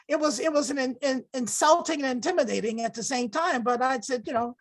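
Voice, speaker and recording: Husky, halting woman from Alabama. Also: high-pitched. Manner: halting, restarts and laughs through the story. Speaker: photojournalist panelist. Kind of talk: casual anecdote on a panel.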